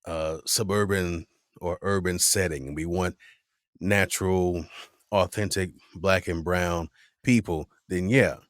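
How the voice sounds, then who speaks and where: A man hosting a podcast in casual chat, playful and lively, egging his guest on. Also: low-pitched, takes it slowly, no room sound, studio quality. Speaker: podcast host.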